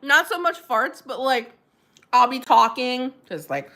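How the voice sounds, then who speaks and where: A woman's voice: sits high, expressive, unhurried, pushed and bright. A middle-aged woman hosting a casual livestream, chatting and giggling as she answers viewers' comments. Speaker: livestream host.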